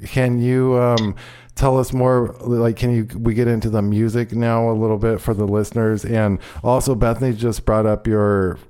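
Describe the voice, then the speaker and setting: A man's voice: mid-range voice, flat delivery, moderate pace, warm tone, smooth. A male radio show host talking loosely and casually, swearing freely and bantering with his co-host. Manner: loose, profane, laid-back banter.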